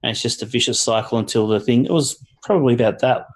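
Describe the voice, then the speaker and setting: A man with an Australian accent in a casual online chat, swearing often and pausing with fillers. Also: mid-range voice, vocal fry, low-quality recording. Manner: swears a lot, halting with fillers. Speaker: guest.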